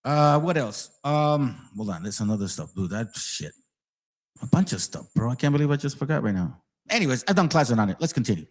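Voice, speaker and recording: A man's voice: medium pitch, big pitch swings, a little fast. A man hosting his channel, giving a heated, profane and sarcastic ranting commentary. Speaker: channel host.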